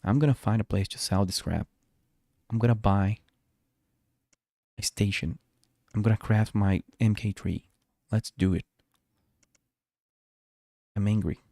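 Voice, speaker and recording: A man's voice: on the low side, normal speed, gravelly, long pauses, dark tone, no room sound, clean studio sound. A man streaming a space game, talking to himself in a rambling way with many restarts. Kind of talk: live gameplay commentary. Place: home.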